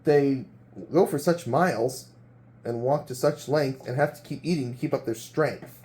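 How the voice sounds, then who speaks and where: A man's voice: medium pitch, normal speed, a little mellow. A man hosting a homemade quiz show role-play, reading clues with hesitant hums and restarts. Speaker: game show host.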